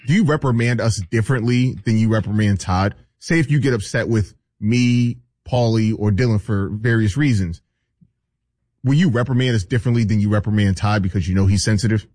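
A man on a radio show's crew questions the host with curiosity. His voice sits a little low. The sound is dry and close. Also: moderate pace, darkish tone, dry recording. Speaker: show crew member. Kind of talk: casual radio banter.

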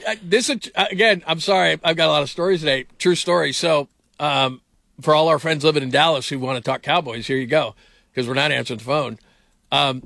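A man's voice: mid-range voice, gravelly, a bit bright, no room sound, studio quality. A middle-aged man hosting a sports talk radio show, rambling through stories with lots of fillers. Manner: rambling storyteller, heavy on fillers.

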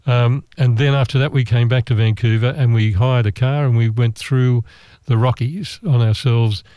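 Australian man, mellow warm voice, dry close sound, rambling chatty travel anecdote, easygoing. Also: mid-range voice, steady tone, moderate pace, no echo. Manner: meandering, chatty, with frequent restarts and asides. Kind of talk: relaxed travel anecdote monologue.

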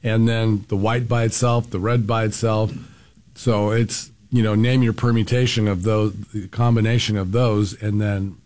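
Guest, man, lowish voice, relaxed and explanatory. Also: moderate pace. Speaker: restaurant owner guest. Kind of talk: casual radio interview.

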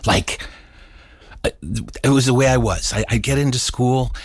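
A middle-aged man telling a story in an animated way, acting out voices and sound effects. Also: mid-range voice, normal speed, dry recording, clean studio sound. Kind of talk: storytelling performance.

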